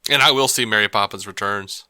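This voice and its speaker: Male podcast co-host, very bright voice, dry close sound, chatty news-and-asides delivery. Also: lowish voice, a little fast, smooth, no echo. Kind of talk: casual chat.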